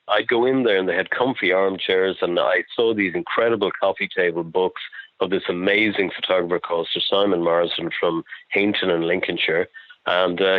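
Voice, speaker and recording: An Irish man tells his stories with eager, winding enthusiasm, his voice sitting very low. The sound is thin and phone-like, completely dry with no room around it. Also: dry recording. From Ireland. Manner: enthusiastic, rambling anecdotes. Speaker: film-maker guest. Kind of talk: interview storytelling. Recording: dry tinny phone line.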